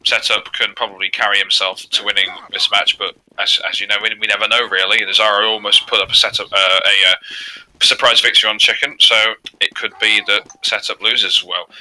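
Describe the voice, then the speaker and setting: Hesitant man with a very bright voice. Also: fairly low pitch, steady tone, brisk, rough recording. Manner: hesitant, hedging. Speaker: co-commentator. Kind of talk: casual color commentary.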